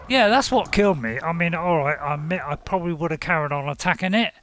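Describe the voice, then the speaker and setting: A middle-aged man chats his way through a co-op game, wandering off on tangents and running himself down with a chuckle. His voice sits a touch high for a man, and a faint hiss runs under it. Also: expressive, fast talker, a bit bright. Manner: rambling, self-deprecating, chuckling. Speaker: gaming channel host, playing with his daughter. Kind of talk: casual co-op gameplay chat.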